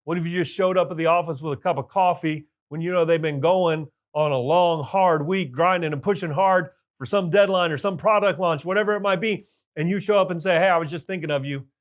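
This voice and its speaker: A man giving a motivational talk to business owners, energetic with loud bursts of enthusiasm and emphatic repetition. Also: high voice, a little fast. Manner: emphatic repetition of key points. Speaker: business coach.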